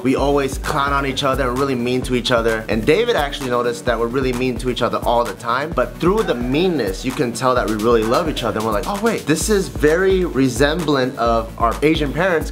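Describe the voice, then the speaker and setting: A man in his thirties casually hosting a comedy channel outro, talking quickly. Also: mid-range voice. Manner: quick, casual, swears freely.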